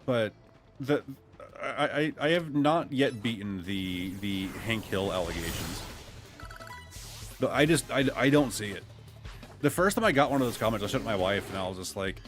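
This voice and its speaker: A gaming streamer from Ohio, USA, chats casually while playing. His voice has a lively, jumpy pitch, and he lets out excited outbursts when things go his way.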